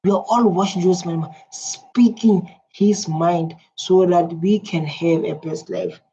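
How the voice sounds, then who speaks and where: A South African woman giving excited, repetitive commentary as a reaction video host, halting with fillers. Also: lowish voice, slight background noise. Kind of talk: casual commentary. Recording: dull lo-fi sound with faint ambience.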